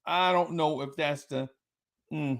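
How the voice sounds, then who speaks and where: Slow, gravelly New Jersey man. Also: a little high, fairly even intonation. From Jersey City, New Jersey. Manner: laughs often, repeats himself, slangy and playful. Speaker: podcast host reading listener comments. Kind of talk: casual live podcast chat.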